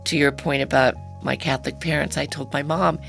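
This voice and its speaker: A woman's voice: deep voice, fairly even intonation, brisk, creaky, a bit bright, faint music behind. A middle-aged woman, a guest founder, telling her story in a chatty interview and laughing often. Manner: chatty, laughs often, acts out quoted voices. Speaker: guest, handbag company founder.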